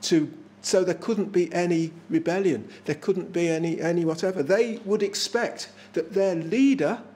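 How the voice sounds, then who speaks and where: A man's voice: high voice, normal speed, darkish tone. A man with an English accent preaching a sermon in a small church, earnest and emphatic, repeating his phrases for effect.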